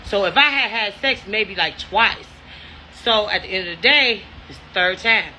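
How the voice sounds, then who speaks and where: A woman in her fifties telling a story casually, in a blunt, profane and animated way. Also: mid-range voice, moderate pace, slight background noise, poor audio. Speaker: storyteller vlogger.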